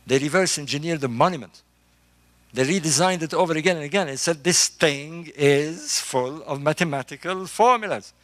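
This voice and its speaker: A middle-aged man, a construction engineer, giving an emphatic, animated talk to a group in a room. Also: fairly high pitch, no room sound. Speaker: speaker on ancient engineering. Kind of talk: lecture-style talk to a live group.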